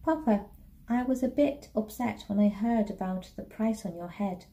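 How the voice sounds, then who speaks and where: An anxious, earnest little girl from a storybook, her voice lifted high and childlike, as a woman reads her part. The tone is mellow and dark-timbred. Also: normal speed, natural voice. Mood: worried.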